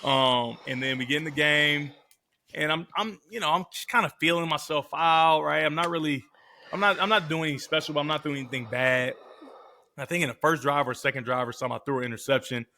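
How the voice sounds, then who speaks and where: A man in his thirties, a podcast guest and former quarterback, telling stories in a casual, slangy, animated way. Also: on the high side, fairly quick. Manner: animated, slangy storyteller who acts out quotes. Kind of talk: casual storytelling.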